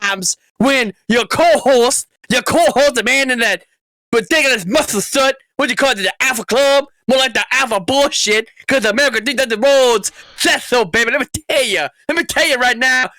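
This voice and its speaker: A man's voice: very high-pitched, bright, forceful tone, no echo, pitched above the performer's own voice, rough recording. A podcast co-host putting on the voice of a swaggering male wrestler cutting a drawling, catchphrase-heavy promo. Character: brash swaggering male wrestler hyping himself.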